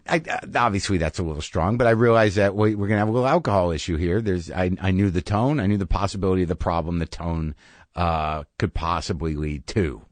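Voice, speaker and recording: A man's voice: brisk, no room sound. Dry-sounding man telling a wry story. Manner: wry, profane storyteller, mimics voices with high yelps. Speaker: podcast host. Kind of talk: casual storytelling monologue.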